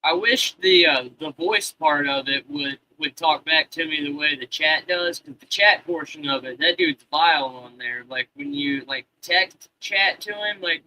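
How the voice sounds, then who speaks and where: A man in his thirties hosting a live stream, talking loosely to his chat with constant swearing. His voice sits a little high and sounds very bright and forceful. He rambles, restarts and trails off as he goes. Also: measured pace, hardly any pauses, a little hiss or hum, low-quality recording. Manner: profane, rambling, talks to chat.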